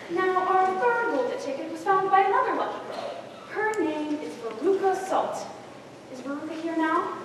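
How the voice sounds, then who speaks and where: High-voiced stage narrator, woman. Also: animated, moderate pace. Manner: theatrical, addresses the audience. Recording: echoey hall from far off, noisy.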